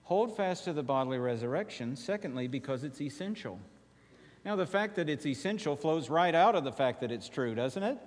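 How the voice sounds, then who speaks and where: A male pastor preaching a sermon, emphatic, dropping to quiet slow phrases and rising to urgent appeals. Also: a little high, animated, long reverb tail.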